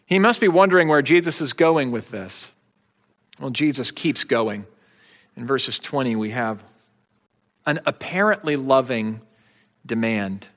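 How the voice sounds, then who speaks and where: A man's voice: mid-range voice, expressive, unhurried, long pauses, fairly bright tone, in a large hall. A man preaching a sermon as pastor, in a conversational way with wry, joking asides.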